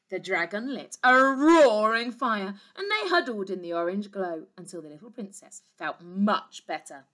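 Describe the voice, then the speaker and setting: A woman teacher reading a storybook aloud to young children, expressive, with gentle asides to her listeners. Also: medium pitch, moderate pace, few pauses. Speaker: reception class teacher.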